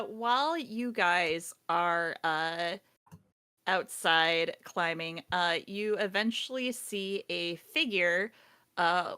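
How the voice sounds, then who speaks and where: A woman's voice: fairly low pitch, bright, forceful tone, clean tone. A woman narrating as game master, casual and full of fillers. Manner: casual, filler-heavy, giggly.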